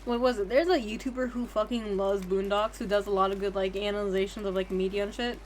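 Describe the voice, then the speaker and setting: A woman's voice: mid-range voice, fairly even intonation, quick pace, a little hiss or hum. A young woman streaming a game, chatting casually in a rambling, profane, giggly way. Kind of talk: casual livestream chat.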